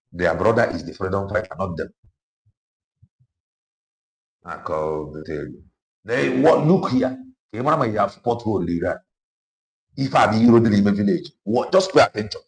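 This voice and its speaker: A man's voice: low voice, expressive, normal speed, low-quality recording. A man with a Nigerian accent giving casual commentary from inside a car, repeating his points with emphasis. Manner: emphatic, repeats phrases for effect. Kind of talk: casual spoken commentary mixing Igbo and English.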